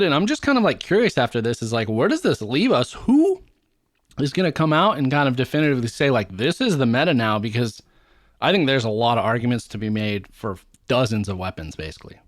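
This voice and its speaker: A man's voice: medium pitch, animated, a little fast, no room sound, clean studio sound. A man co-hosting a casual gaming podcast, talking in a chatty, rambling way and listing weapons at length. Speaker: podcast co-host.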